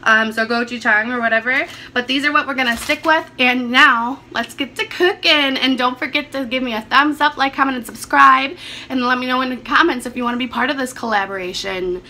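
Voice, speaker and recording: A woman with a hoarse, under-the-weather voice talks her way through a casual home cooking vlog, upbeat and rambling. Her tone is bright and sits a bit high, and a faint hum of household noise sits behind her. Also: brisk. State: hoarse from being sick. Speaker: vlogger.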